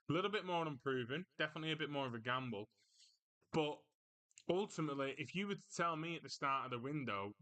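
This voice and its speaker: Male livestream host, bright and crisp tone, casual rambling chat with viewers. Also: medium pitch. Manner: chatty, reads out viewer comments and answers them.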